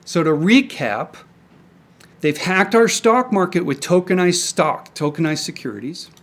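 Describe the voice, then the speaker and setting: This young man, an independent crypto commentator, delivers an angry solo rant about markets into his camera mic. His voice sits high and sounds animated, though his pace stays measured, and he swears a lot while stumbling over restarts.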